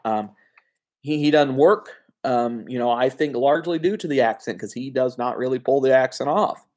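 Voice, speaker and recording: A man's voice: medium pitch, moderate pace, a little mellow. A man with an ordinary mid-range voice reviews films by himself in a loose, chatty way. He wanders through his opinions with frequent fillers and little asides. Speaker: film reviewer. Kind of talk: casual solo movie review.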